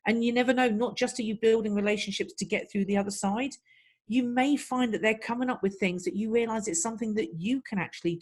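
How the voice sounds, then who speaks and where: A middle-aged woman, a guest in an interview, giving practical marketing advice in an even, steady way. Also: medium pitch. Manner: practical, advising, even-paced. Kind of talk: interview answers.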